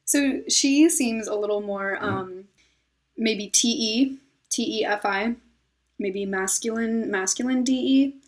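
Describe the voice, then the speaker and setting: A woman's voice: fairly high pitch, takes it slowly. A woman hosting her own video, commenting casually on an interview clip, thinking aloud and giggling between guesses. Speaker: video host analyzing personality types.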